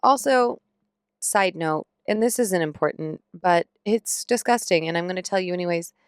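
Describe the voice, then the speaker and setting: A young woman hosting a podcast tells a story over casual chat, candid, profane and comically exasperated. Her voice is lowish, clear and resonant, at a moderate pace. The recording is dry, with clean studio sound.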